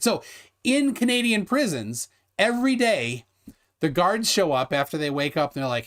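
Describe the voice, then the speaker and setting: Guy hosting a live stream, goofy rambling jokes, voice bouncing all over, a bit high. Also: expressive, moderate pace, fairly bright tone. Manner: joking, rambling, laughs at own jokes. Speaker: livestream host. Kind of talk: casual livestream chat.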